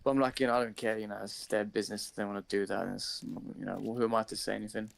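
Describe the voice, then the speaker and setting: A young man on a live stream, telling a story casually, swearing a lot and acting out his own shouting. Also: fairly low pitch, level tone, rapid-fire, vocal fry, a little hiss or hum.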